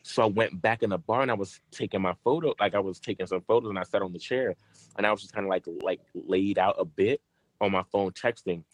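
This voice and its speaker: A man's voice: on the low side, fast, dry recording. A man co-hosting a podcast, telling a long story in casual, profane chat, full of fillers and restarts.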